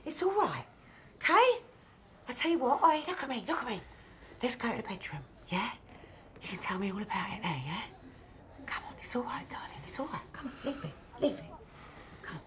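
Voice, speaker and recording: A woman's voice: high-pitched, very animated, normal speed, pauses often, slight background noise. An actress playing a woman coaxing and soothing an angry man, sometimes sinking to a whisper. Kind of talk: film acting.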